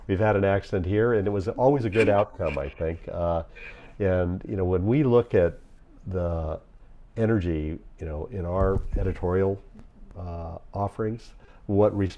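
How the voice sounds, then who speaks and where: A man speaking on a webinar over a video call, talking in a slow, reflective way. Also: deep voice, warm tone, dull audio. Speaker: webinar guest. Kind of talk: casual chat.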